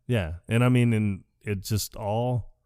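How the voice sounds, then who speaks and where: A man co-hosts a relaxed podcast chat, his voice sitting on the lower side. He walks through movie scenes, laughing often and slipping into quick quoted lines. The sound is close and dry, with no room around it. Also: clean tone, no echo. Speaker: podcast co-host. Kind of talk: casual chat.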